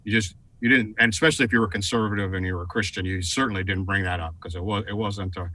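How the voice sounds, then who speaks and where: A middle-aged man telling a story in a TV interview, animated and full of fillers and repeated words. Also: lowish voice, fast talker, poor audio. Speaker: guest, advertising executive.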